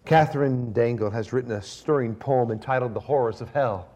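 A man preaching a sermon, swinging between raised, emphatic preaching and hushed, near-whispered lines, with slow, stressed lists. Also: medium pitch. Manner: slow, emphatic delivery of lists and repeated phrases. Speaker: pastor.

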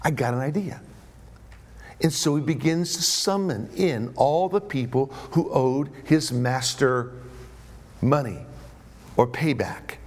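A man preaching a sermon in an animated way, often checking in with his listeners. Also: mid-range voice, takes it slowly. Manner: animated, asks the audience questions.

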